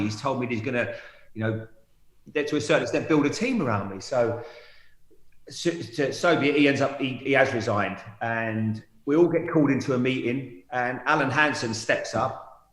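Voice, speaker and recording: A man, a guest and former footballer, telling lively anecdotes in a casual chat. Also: medium pitch, normal speed. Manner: lively storyteller, acts out remembered moments. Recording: roomy echo.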